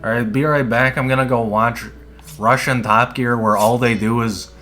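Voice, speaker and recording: With soft music playing behind him, a man gives laid-back, rambling commentary on a dungeon game he's streaming, cursing frequently. He speaks at a moderate pace in a medium, fairly bright voice with fairly even intonation.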